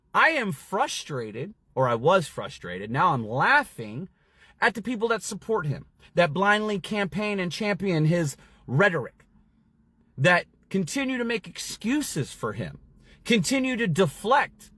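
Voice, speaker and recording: A man's voice: sits high, pushed and bright. A man ranting straight to camera on social media in a heated, sarcastic, preachy way. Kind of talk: casual rant to camera. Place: outside a store.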